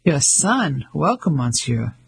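A man's voice: fairly high pitch, sing-song, slow pace, creaky, slight background noise, full character voice. A man voicing a friendly café owner, wry and easygoing. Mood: welcoming. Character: warm French café owner, middle-aged man.

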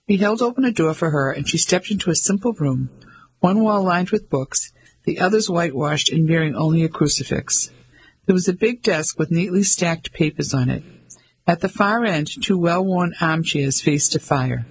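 A man reading a novel aloud as a volunteer audiobook narrator, steady and clear. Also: fairly high pitch, moderate pace, rough recording. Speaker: volunteer reader.

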